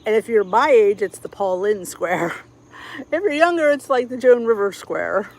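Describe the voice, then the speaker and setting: A woman's voice: mid-range voice, expressive, moderate pace, a little mellow, rough recording. Chatty Philadelphia woman hosting a live stream. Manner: chatty, greets viewers by name, many fillers. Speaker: cooking channel host. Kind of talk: casual live-stream chat.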